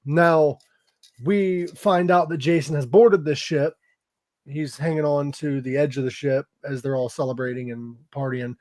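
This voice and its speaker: A man's voice: on the high side, fairly even intonation, measured pace, darkish tone. A man hosting a podcast, giving a loose, profane, casual recap of a film, full of fillers like "um" and "like". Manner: loose, profane retelling with frequent fillers and laughs. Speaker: podcast host.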